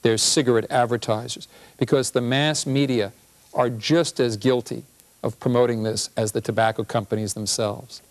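A man, a physician and professor, giving a humorous public health talk with an animated, punchy delivery. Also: medium pitch, normal speed.

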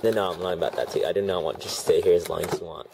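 A man's voice: deep voice, fairly even intonation, very fast, gravelly, noisy background. A man doing a rambling, sarcastic unboxing review at home, grumbling at the packaging. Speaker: toy reviewer. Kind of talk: casual unboxing commentary. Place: home room with TV on behind. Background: TV and a snoring dog.

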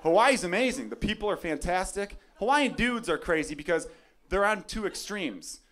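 A young man performing a stand-up comedy set, brash, dropping to mumbled asides and then shouting rants. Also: sits high, lively intonation, moderate pace. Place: comedy club stage before a live audience. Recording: live club recording with crowd noise. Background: audience laughter.

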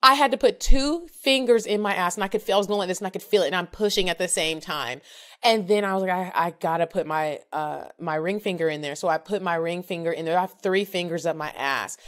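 Frank, animated woman in her thirties. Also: lowish voice, fast. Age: 30s. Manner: animated, frank storytelling that acts out both sides. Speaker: podcast co-host. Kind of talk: casual storytelling chat.

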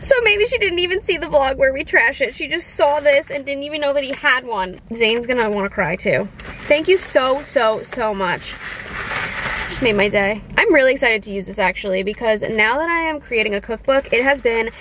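A young woman in her twenties chatting casually to her viewers as she opens gifts, gushing and gasping with excitement. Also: high voice, brisk, slight background noise, poor audio. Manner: gushing, excitable, gasps often. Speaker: vlogger. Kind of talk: casual unboxing chat.

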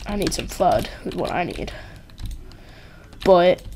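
A gaming channel host with a lowish, gravelly voice talks very slowly yet very animatedly over slight background noise. Her casual let's-play commentary is rambling and giggly, peppered with "like" and "um."

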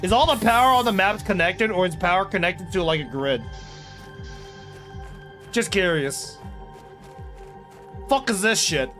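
A young male streamer with a high, bright voice, chatting loudly and crudely to his viewers over a desk mic. He rambles, swears and breaks into yells, with faint game music underneath. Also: unhurried, pauses often. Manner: loud, rambling and profane, bursts into yelling. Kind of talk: casual live-stream chat while gaming.

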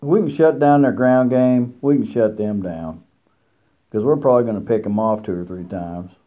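A man's voice: mid-range voice, moderate pace. Guy rambling trash talk outside by a chicken coop, mid voice, tinny like a phone, hens in the back. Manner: folksy, teasing trash talk with many fillers. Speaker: college football fan vlogger. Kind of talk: casual rambling fan commentary. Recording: tinny phone-like sound outdoors. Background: chickens clucking.

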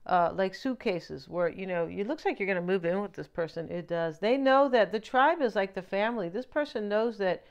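A woman doing a casual tarot reading, chatty and lively, often asking "right?" as she talks. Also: medium pitch, moderate pace, hardly any pauses, dull audio. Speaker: tarot reader.

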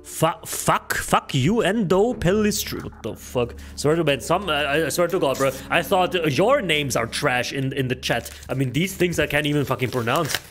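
A male streamer talking casually on a live stream, excitable, swearing often and stumbling over hard names. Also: a little high, normal speed, hardly any pauses, soft background music.

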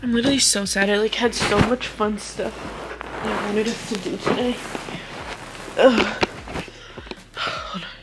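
A woman's voice: mid-range voice, fairly even intonation, normal speed, pauses often, heavy background noise. Chatty young woman vlogger, lots of fillers. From Hawaii. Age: 20s. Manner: chatty, filler-heavy, frank with casual swearing. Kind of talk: casual chat to camera.

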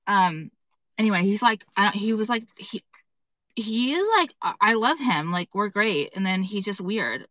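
Bright-voiced, exasperated woman ranting on a live stream. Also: medium pitch, lively intonation, moderate pace, dry recording, rough recording. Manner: rambling and exasperated, heavy swearing and fillers. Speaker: fashion brand owner livestreaming to followers. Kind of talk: casual live-stream chat. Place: indoors at an appointment.

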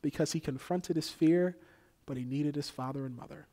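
A young man preaching a sermon as pastor, with a repetitive cadence that swings between loud exhortation and near-whispers. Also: a little high, moderate pace.

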